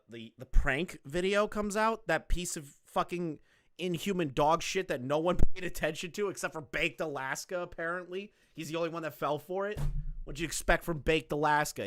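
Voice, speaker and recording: A man's voice: fairly bright tone, dry recording, clean studio sound. A man ranting sarcastically and with profanity on a live commentary stream. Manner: exasperated, profane and sarcastic, with jumps in pitch. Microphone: streaming setup with a camera.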